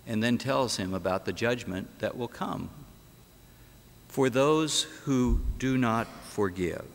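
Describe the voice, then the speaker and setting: A man's voice: medium pitch, slow, slight background noise. A man preaching a sermon as pastor in a church, telling the story dramatically and asking rhetorical questions. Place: church sanctuary. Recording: echoey church hall.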